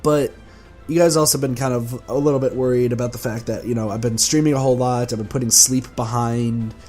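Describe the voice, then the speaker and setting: Hoarse man rambling through a vlog update. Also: mid-range voice, fairly even intonation, brisk, a little mellow, faint music behind. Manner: rambling, self-correcting, chuckling. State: hoarse, sore throat. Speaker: gaming YouTuber. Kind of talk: casual channel update vlog.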